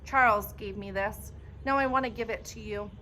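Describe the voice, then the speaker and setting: A woman voicing a frail old grandmother who speaks gently and soothingly, in a storybook reading. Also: mid-range voice, moderate pace, slight background noise, lightly acted.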